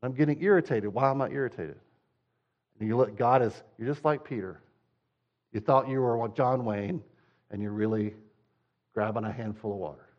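A man's voice: medium pitch, normal speed, long pauses. Male pastor, sermon; direct, repetitive emphasis; slightly muffled recording.

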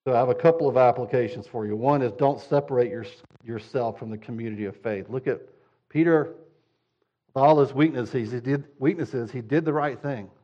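A man's voice: mid-range voice, brisk. Male pastor, sermon; direct, repetitive emphasis; slightly muffled recording.

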